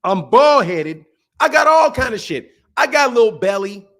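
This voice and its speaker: A middle-aged man rants as host of his boxing show, mocking his critics with a steady stream of profanity. His voice sits fairly high and leaps around in pitch, swinging from loud outbursts to muttered asides. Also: normal speed. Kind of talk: ranting commentary.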